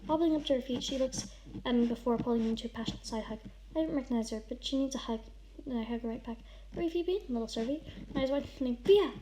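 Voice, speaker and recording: High-voiced woman reading melodramatically. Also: noisy background. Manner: over-the-top dramatic reading, shouts and sobs in the big lines. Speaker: vlogger reading a friend's writing. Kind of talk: melodramatic read-aloud with casual commentary.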